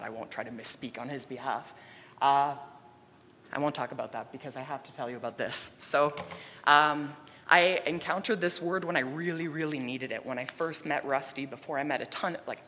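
Male conference presenter, bright and chatty, telling stories in a reverberant hall. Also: medium pitch, moderate pace. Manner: conversational, many fillers, animated retelling. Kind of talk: storytelling presentation.

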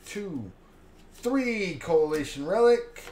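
Excited man calling out card pulls in a slow, lively sing-song, echoey room with a faint hum. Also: high-pitched. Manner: hyped, counts cards aloud, names each pull. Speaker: card pack opener. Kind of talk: casual card-opening commentary. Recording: roomy echo, faint background hum.

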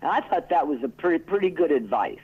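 A man's voice: fairly high pitch, lively intonation, fast, breathy edge. A man in his sixties, a guest in a casual interview, telling stories in a rambling way that keeps breaking off and restarting. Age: 60s. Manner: rambling, self-interrupting storyteller. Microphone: telephone. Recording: tinny phone line.

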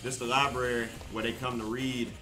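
A man giving casual gameplay commentary, loud, profane and excitable, joking with his viewers. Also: mid-range voice, fairly quick. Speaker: gaming streamer. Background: game music.

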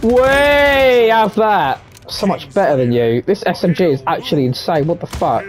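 A young man commentates on his own gameplay, hurling insults and curses at opponents. His slightly high voice leaps up and down constantly, breaking into excited yelps, while gunfire from the game crackles behind him. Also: moderate pace. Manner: trash-talking, swearing, excitable yelps. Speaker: gaming streamer.

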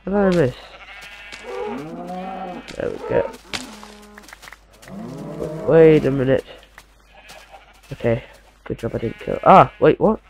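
Gravelly young man chatting. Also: fairly high pitch, expressive, slow pace, pauses often, slight background noise, poor audio. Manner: chatty, talks to himself, slightly posh. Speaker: gamer. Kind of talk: casual gameplay commentary.

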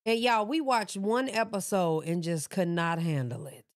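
A woman's voice: medium pitch, moderate pace, dry recording, clean studio sound. A woman hosting a reaction stream, chatting casually in an offhand, laid-back way. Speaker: reaction channel host.

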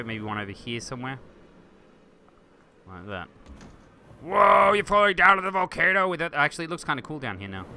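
A man hosting a game video, thinking aloud and getting excited as he chats to objects on screen. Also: medium pitch, slight background noise. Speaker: gaming video host. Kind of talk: let's play commentary.

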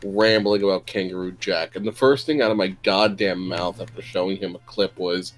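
A man chatting casually on a game stream, animated and swearing, acting out quoted lines. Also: low-pitched, a little fast, hardly any pauses, faint music behind. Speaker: stream co-player. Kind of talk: casual group chat over a game stream.

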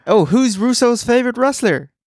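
A man's voice: extremely high pitch, expressive, moderate pace, a little mellow, dry recording, clean studio sound. A young Irish man co-hosting a casual wrestling podcast late at night, joking and enthusiastic, tired from the early hour. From Ireland. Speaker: podcast co-host.

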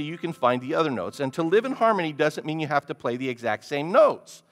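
Animated male pastor preaching. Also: fairly high pitch, fairly quick, few pauses, faint music behind. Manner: animated, asks the congregation questions. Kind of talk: sermon.

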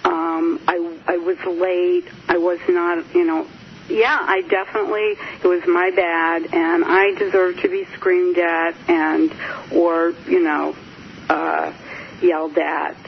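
An older woman guest speaks reflectively, pausing often and filling gaps with fillers. Her voice is gravelly. The sound comes over a muffled line with faint noise. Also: lowish voice. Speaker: guest author. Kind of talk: radio interview.

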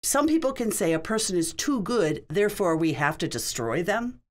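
Woman interpreter with a lively, low voice. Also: normal speed. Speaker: sign language interpreter. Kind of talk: voicing a signed question-and-answer session.

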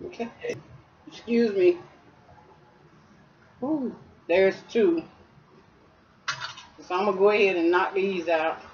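A woman's voice: medium pitch, slow, long pauses. A woman chatting through a casual craft tutorial at home, talking straight to her viewers. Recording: slightly dull lo-fi sound.

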